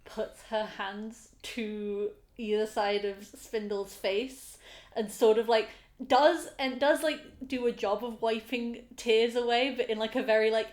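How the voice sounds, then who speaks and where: Woman player in a tabletop game, kinda high voice, lots of likes and ums. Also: steady tone, unhurried, a little mellow. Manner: hesitant, giggly, filler-heavy. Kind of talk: casual tabletop play.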